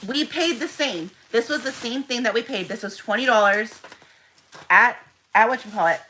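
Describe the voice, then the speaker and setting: A woman's voice: on the high side, moderate pace, sharp tone, a little hiss or hum, low-quality recording. A young woman chatting to viewers on a live stream while packing orders at home, talking freely as she works. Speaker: small shop owner packing orders. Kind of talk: casual live-stream chat.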